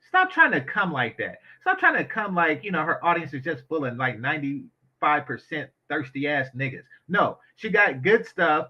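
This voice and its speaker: A man with a bright, forceful voice gives blunt, opinionated commentary and swears freely. He sits a little high in his register. The audio is dull and lo-fi. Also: big pitch swings, moderate pace. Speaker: commentary channel host. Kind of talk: casual commentary on an interview.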